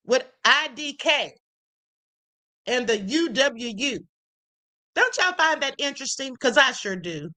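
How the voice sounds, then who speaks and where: A woman hosts a livestream in a high, bright voice, talking casually to her viewers. She reads messages aloud and picks them apart with emphatic rhetorical questions. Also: low-quality recording. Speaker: livestream host. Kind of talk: casual commentary reading texts aloud.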